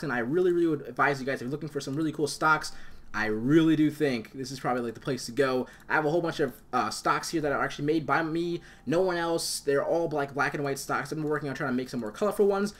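Fast-talking young man rambling through a tutorial. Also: on the high side. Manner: rambling, enthusiastic, many fillers and self-corrections. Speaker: tutorial host. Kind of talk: casual screen-recorded software tutorial.

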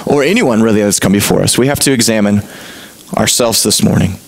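A man's voice: lowish voice, fairly quick, creaky, breathy edge, low-quality recording. A male pastor preaching a sermon from the pulpit in an emphatic, rising and falling delivery. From United States.

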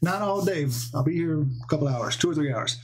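A man's voice: on the high side, lively intonation, brisk, background noise. A man in his thirties streaming from home, chatting loosely with viewers, greeting them by name and swearing casually. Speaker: live streamer. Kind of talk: casual livestream chat.

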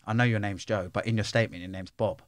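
A middle-aged man, the guest in an interview, tells his life story bluntly, with lots of swearing and street slang. His voice sits on the low side with a steady tone and a fast pace, recorded in studio quality with no room sound.

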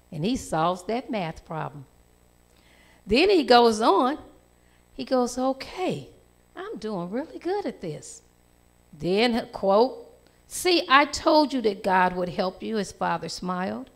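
Lively woman telling a children's story. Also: medium pitch. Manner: animated storytelling with lively voice changes. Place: church.

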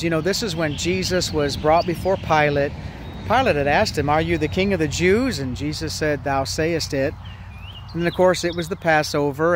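A man serving as pastor delivers a sermon in an earnest storytelling manner. His voice sits a bit higher than most men's, and he slows down to lean on key words. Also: slight background noise.

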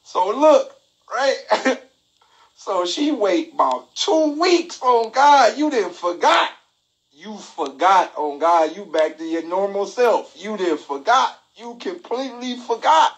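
Man, comic storytelling, animated, laughing, exclamations, phone mic, slightly high pitch. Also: slow, rough recording. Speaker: live stream host.

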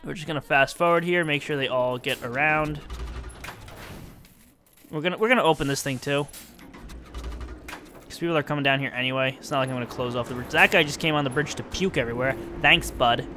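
A man's voice: fairly high pitch, a little fast, long pauses, pushed and bright, slight background noise. A young man giving casual, self-mocking commentary while playing a building game, talking to himself as he works. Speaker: let's-play gamer.

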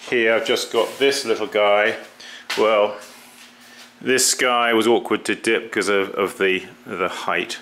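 A middle-aged man with a somewhat low but bright, forward voice explains glazing as he works. He talks casually and stumbles, restarting phrases while he handles the pots. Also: steady tone, a little hiss or hum. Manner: halting, repeats words, talks while working. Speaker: potter demonstrating glazing.

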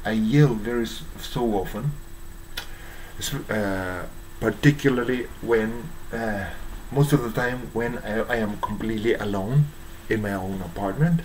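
A man with a Japanese accent, hoarse from strain, giving a halting monologue full of fillers and restarts. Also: lowish voice, a little hiss or hum, poor audio. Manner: halting, many fillers and restarts, searching for English words. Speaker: YouTuber. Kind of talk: slow rambling monologue.

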